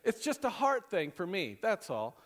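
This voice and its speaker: Male pastor, slightly high voice, preaching with big swings from loud to hushed, chatty and laughing; long church-hall reverb. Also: moderate pace. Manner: animated preaching, swinging from loud bursts to hushed near-whispers, laughing often. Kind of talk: sermon. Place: church sanctuary.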